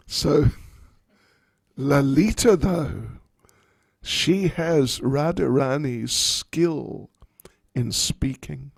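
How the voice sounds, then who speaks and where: A man, a spiritual teacher, telling a story in a class, animated and wryly humorous. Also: mid-range voice, extremely slow, creaky, pauses often, slightly rough, no echo, studio quality.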